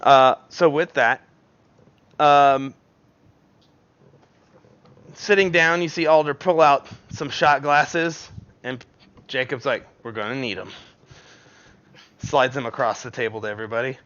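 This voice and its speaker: A man narrates a tabletop game as its game master. His voice is bright, he laughs a lot and swears freely, and the mic sounds dull and lo-fi. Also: medium pitch, unhurried, pauses often, smooth. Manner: laughs often, swears casually.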